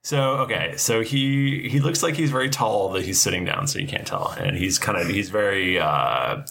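Dm guy, deep bright voice, kinda halting while he describes stuff. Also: animated, vocal fry, slight background noise. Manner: describing a scene with hesitations. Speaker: game master. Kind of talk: narrating a tabletop game.

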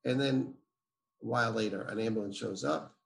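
A man's voice: medium pitch, a little fast, vocal fry, slight background noise. A man, a guest telling a personal story emphatically and acting out the dialogue. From Israel. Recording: roomy echo.

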